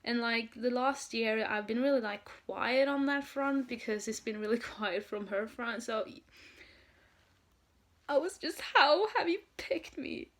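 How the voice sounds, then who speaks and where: A young woman from Norway tells a story to her camera in a casual vlog. She talks in an excited, gushing way, full of "um" and "like". Her voice sits a little high and carries a gravelly fry. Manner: excited, gushing, many fillers. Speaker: vlogger, fan.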